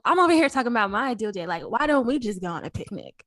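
A woman's voice: a little high, sing-song, fast, a bit bright, no room sound, studio quality. A young adult woman co-hosting a podcast in casual chat, earnest and a bit rambling. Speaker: podcast co-host.

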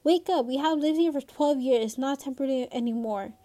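A woman's voice: sits high, brisk, dark tone, lightly acted. A woman reading a novel aloud, voicing a strained mother who speaks insistently. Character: frustrated, strained middle-aged mother.

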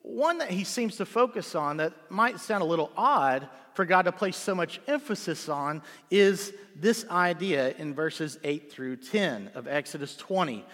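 A man's voice: fairly high pitch, expressive, a little slow, few pauses, a bit bright. Man preaching in a reverberant church. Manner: conversational preaching with rhetorical "right?" checks. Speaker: pastor. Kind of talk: sermon. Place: church sanctuary. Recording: long hall reverb.

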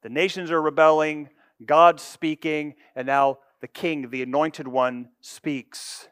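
A man preaching a sermon, with expressive delivery that moves from loud emphasis to hushed asides. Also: fairly high pitch, slow pace, clear, resonant tone, no echo. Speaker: pastor.

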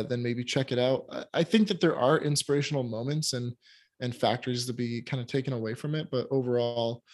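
A man co-hosting a casual film review chat, giving candid and critical opinions with plenty of hesitations and restarts. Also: mid-range voice. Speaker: podcast co-host reviewing films.

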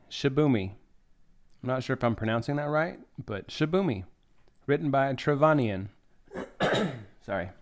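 A man's voice: mid-range voice, a little mellow, clean tone. A young adult man hosting a podcast, recapping a film scene by scene in a chatty, enthusiastic way and swearing freely. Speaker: podcast host.

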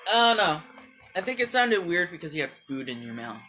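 Sarcastic low-pitched woman podcaster. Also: big pitch swings, brisk, pushed and bright, faint music behind. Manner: dry, sarcastic, hesitant with fillers. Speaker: podcast host. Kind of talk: casual chat.

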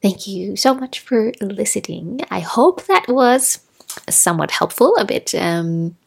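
Hosting a casual solo podcast from Norway, a woman in her thirties speaks a little slowly in a mid-range voice that is creaky and slightly rough. She tells stories in a chatty, animated way, laughing and acting out little quotes.

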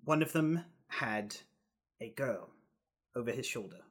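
A man's voice: mid-range voice, animated, unhurried. A man narrating a tabletop role-playing game as game master, playful and laughing often.

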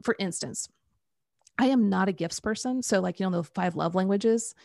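Middle-aged woman coach, kinda gravelly low voice, animated storytelling, dry close mic. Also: moderate pace, dry recording. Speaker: Enneagram coach. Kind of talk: conversational podcast talk.

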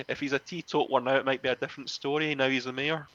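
A man, a former wrestling referee, telling animated stories in a casual interview, often laughing and acting out other people's lines. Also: mid-range voice, fast talker, lo-fi sound. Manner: animated, laughs often, acts out quoted voices.

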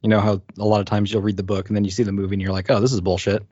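A man's voice: lowish voice, level tone, racing, dark tone, breathy edge, no echo. A man co-hosting a casual podcast, rambling enthusiastically about books and movies. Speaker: podcast co-host. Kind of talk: casual chat. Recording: dull lo-fi podcast audio.

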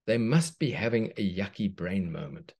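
A man voicing a calm, kindly auntie character in a children's storybook, speaking soothingly. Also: sits low, moderate pace. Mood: thoughtful. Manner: soothing, reassuring. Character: calm kindly auntie brain chemical, female. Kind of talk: storybook reading.

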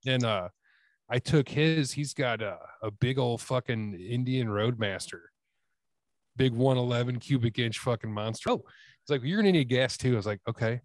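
A man's voice: medium pitch, moderate pace, no echo, studio quality. A man as a podcast guest in casual chat, laid-back and profane, speaking with enthusiasm.

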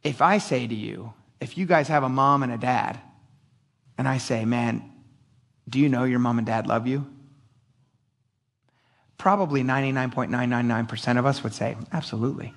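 A man's voice: medium pitch, moderate pace, creaky, pauses often, fairly bright tone. A middle-aged male pastor giving a casual, conversational sermon, acting out quotes with lots of energy and laughing often.

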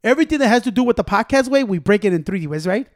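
A man co-hosting a podcast, a rambling, animated storyteller who mixes English and Spanish. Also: sits high, rapid-fire, no echo, clean studio sound. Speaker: podcast co-host. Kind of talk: casual chat, switching between English and Spanish. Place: small room, podcast recording.

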